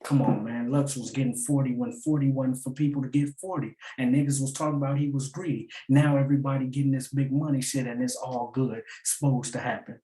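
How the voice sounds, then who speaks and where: A man's voice: mid-range voice, fairly even intonation, fairly quick, hardly any pauses, mellow, reverberant, rough recording. A man hosting a casual breakdown of rap lyrics, loose and slangy, who repeats lines and keeps asking "get it?" and laughs at his own points. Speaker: battle rap breakdown host.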